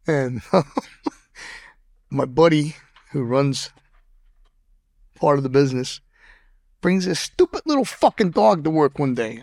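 A man's voice: on the high side, expressive, measured pace, creaky, pauses often, a little mellow, no echo, clean studio sound. Blunt, cursing man telling stories. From Boston. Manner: profane, blunt storyteller with frequent stammered restarts. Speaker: podcast guest. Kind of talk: casual interview storytelling.

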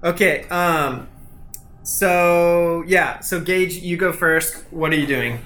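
Bright-voiced game master, full of fillers. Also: male voice, fairly high pitch, takes it slowly. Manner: hesitant, filler-heavy, laughs often. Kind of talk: narrating a tabletop game.

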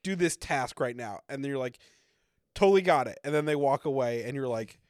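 A man's voice: mid-range voice, a little fast, clean tone, no echo, clean studio sound. A man co-hosting a casual recap podcast, joking and acting out quotes with frequent laughter. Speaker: podcast co-host.

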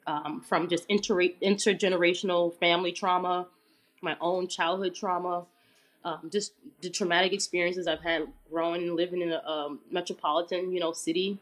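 A woman interview guest telling a personal story in a relaxed, chatty way with many fillers. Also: lowish voice, moderate pace.

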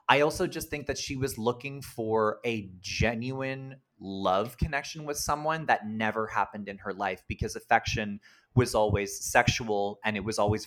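A man co-hosting a casual film podcast, chatty and animated, quick to laugh and act out quotes. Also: mid-range voice. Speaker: podcast co-host.

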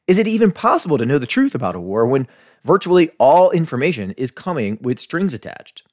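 An American man delivers a scripted podcast commentary in a mid-pitched voice. His pitch swings widely as he makes his case. He talks earnestly, building arguments and posing rhetorical questions. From United States. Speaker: podcast host.

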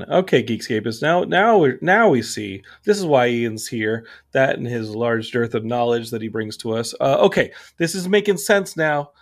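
Uomo eccitato che impreca spesso. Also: male voice, medium pitch. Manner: excitable, swears freely. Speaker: podcast host. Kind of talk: casual movie review chat.

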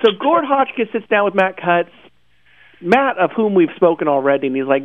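A chatty male host talks through a search news roundup in a casual, joking way, with laughs breaking in often. His somewhat high voice swings up and down a lot. The sound is thin and tinny, as if from a phone line, and quite dry. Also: sing-song, normal speed, no echo.

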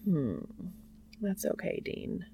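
A woman voicing an intense man with a hoarse, husky, wrecked voice who speaks slowly and seductively in a hushed tone. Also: sits high, wildly swooping pitch, a little hiss or hum, full character voice.

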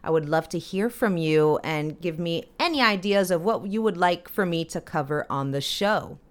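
Woman, podcast host, casual chat, cheeky, bubbly, slightly low voice. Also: animated, moderate pace. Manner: bubbly, cheeky and profane, laughs often. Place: lives in Cyprus.

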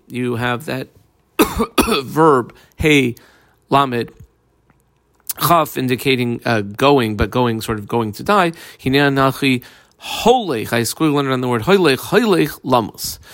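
Male Talmud teacher, gravelly voice, dry close sound, casual and halting delivery. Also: mid-range voice, fairly bright tone, no room sound. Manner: casual, halting, many fillers. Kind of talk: daf yomi Talmud lesson, translating Aramaic aloud.

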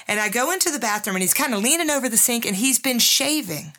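A woman's voice: fairly high pitch, lively intonation, quick pace, sharp tone. A middle-aged woman hosting a podcast, telling a personal story in a candid, emotional way and speaking directly to her listeners. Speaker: podcast host.

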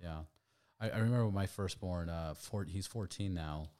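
A man in his thirties hosting a podcast, telling loose, animated anecdotes with casual swearing. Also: deep voice, moderate pace. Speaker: podcast host.

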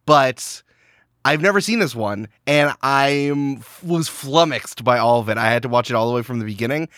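A man guesting on a podcast, chatting casually in a jokey, animated way and laughing often. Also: medium pitch, normal speed, no room sound, studio quality.

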